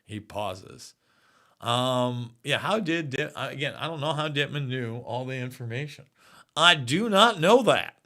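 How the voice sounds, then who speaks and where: Host, forties, male, bright forceful tone, loose chatty delivery, reads chat aloud. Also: medium pitch, animated, a little slow. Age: 40s. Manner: rambling, reads viewer comments aloud. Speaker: livestream host. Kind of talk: casual live chat.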